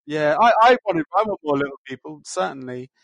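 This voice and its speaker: A man joining a casual film podcast, reading out anecdotes and trailing off softly. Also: on the high side, expressive, brisk, vocal fry, dry recording. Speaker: podcast guest.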